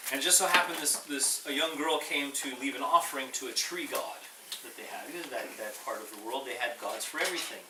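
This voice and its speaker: A man, a Buddhist minister, telling a story to a small group in a relaxed, animated way that acts out the quotes. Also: medium pitch, brisk. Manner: casual, animated, acting out quotes. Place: room with a small audience. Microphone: distant room mic. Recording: echoey room, far mic, background noise.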